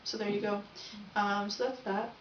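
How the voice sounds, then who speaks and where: A woman's voice: medium pitch, level tone, moderate pace, far from the mic, slight background noise. A young woman rambling through a casual video diary and often correcting herself. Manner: chatty, rambling, self-correcting. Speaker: vlogger. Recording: echoey, dull, from off the mic.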